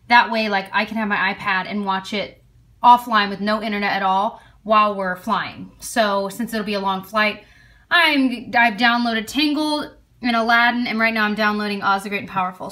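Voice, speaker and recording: A woman vlogging casually, excitedly showing gifts and chatting while out running errands. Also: mid-range voice. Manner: excited, gushing. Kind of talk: casual vlog chat. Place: at home and in a car.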